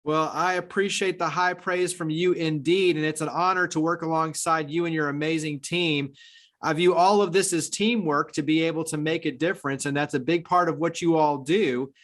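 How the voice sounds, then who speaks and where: A man's voice: a little high, fairly even intonation, moderate pace, a bit bright. A man hosting an interview show who talks in a friendly, complimentary way. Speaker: show host.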